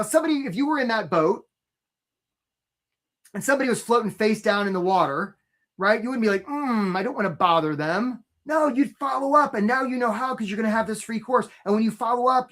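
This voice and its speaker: A man's voice: sits high, fairly bright tone. A man coaching job seekers in a live webinar, upbeat and chatty, who keeps asking "right?" and greets viewers by name. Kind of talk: energetic live webinar pitch.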